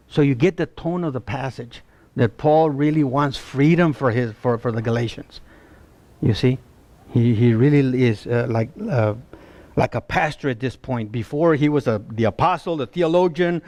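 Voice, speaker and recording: A man preaching a sermon, animated and pleading, often asking his listeners if they see his point. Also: on the high side, normal speed, no room sound. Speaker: pastor.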